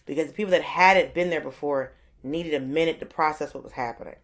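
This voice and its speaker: A woman in her thirties co-hosting a casual comedic chat, an animated storyteller who acts out the voices of people in her stories. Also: deep voice, fairly quick. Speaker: co-host.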